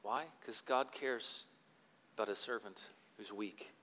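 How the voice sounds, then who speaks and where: Preacher with a bright, hall-echoing voice. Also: male voice, on the low side, slight background noise. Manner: swings from quiet, slow reflection to loud, emphatic scripture reading. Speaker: pastor. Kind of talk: sermon.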